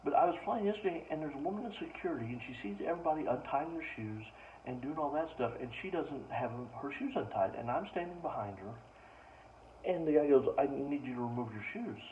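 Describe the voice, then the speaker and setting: A man's voice: fairly high pitch, lively intonation, fast. A man telling comic stories as a stand-up comedian, ranting with exasperation in a casual way. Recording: distant mic, dull lo-fi sound, faint ambient noise.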